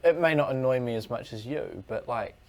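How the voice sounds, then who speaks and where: A woman co-hosting a podcast in casual chat, agreeable and halting. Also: a bass voice, lively intonation, creaky, darkish tone. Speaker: podcast co-host.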